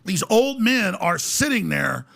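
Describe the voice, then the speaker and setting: Animated gravelly man telling a story. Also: high-pitched, unhurried. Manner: excitable, many restarts, acts out quotes. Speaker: podcast guest.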